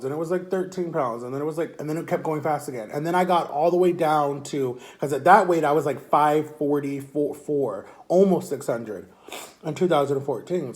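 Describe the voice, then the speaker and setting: A young man telling a long personal story to his camera in a rambling, repetitive, animated way. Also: fairly high pitch. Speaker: vlogger.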